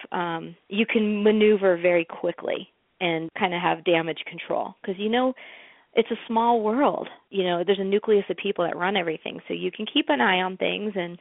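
A woman's voice: fairly low pitch, normal speed, creaky, no room sound. A woman, a guest in an interview, chatting casually and telling stories with many fillers. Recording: tinny phone-like line.

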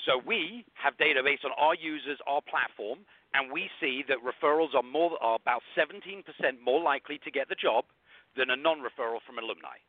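A man explaining a business platform in a quick, salesy way during a casual talk show chat. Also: dry recording. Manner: quick, explanatory, pitching a product. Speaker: guest, alumni platform founder. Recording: dry, phone-like narrow sound.

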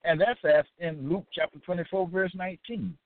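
A man's voice: high-pitched, steady tone, normal speed. Man preaching over a tinny line. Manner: repetitive rhetorical questions, frequent "okay?". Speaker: religious teacher. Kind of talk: preaching lecture. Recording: tinny dry phone-line sound.

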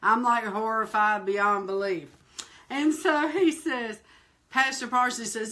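A woman hosting a fireside chat, telling a personal testimony in a lively, colloquial way and talking straight to her listeners. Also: fairly high pitch, slow. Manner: animated, laughing, acts out quoted voices; colloquial, addresses listeners directly. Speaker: ministry host.

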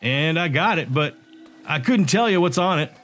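A man voicing a gruff, cynical male private investigator in an audiobook, sardonic and grumbling. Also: fairly high pitch, expressive, moderate pace, fairly bright tone, soft background music, voice pushed up. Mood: wary.

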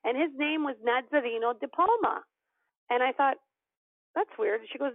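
A fairly high-voiced woman tells a personal story with lively energy, slipping into the voices of the people in it. The sound is thin and phone-like, and it is dry, with no room around it. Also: moderate pace, vocal fry, dry recording. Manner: animated storyteller, acts out quoted dialogue. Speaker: podcast guest. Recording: tinny phone-line audio, dry.

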